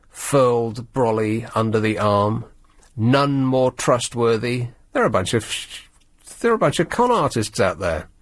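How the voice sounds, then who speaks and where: A male radio host, talking in a sardonic, rambling, halting way in the studio. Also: mid-range voice, no echo. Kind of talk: late-night talk radio monologue.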